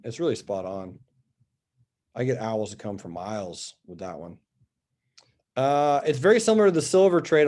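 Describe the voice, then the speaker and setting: A man's voice: medium pitch, a little mellow. Upbeat man going over stock charts. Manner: upbeat, chatty, talks straight to viewers; reads out viewer questions and answers them. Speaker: stock trading host. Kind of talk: live market commentary over charts.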